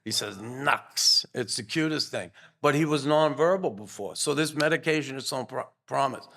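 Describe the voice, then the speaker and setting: A man's voice: mid-range voice, brisk, creaky, fairly bright tone. An older man, a podcast guest, telling earnest, rambling stories in a casual interview. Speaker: guest, former pro hockey player.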